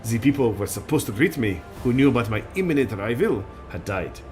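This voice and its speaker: A man voicing a stern, brooding female warrior guardian in a game, with a put-on French accent that slips, speaking low and solemn. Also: lively intonation, quick pace, a little mellow, soft background music, close to an everyday voice. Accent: put-on French, slipping. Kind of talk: reading game dialogue aloud.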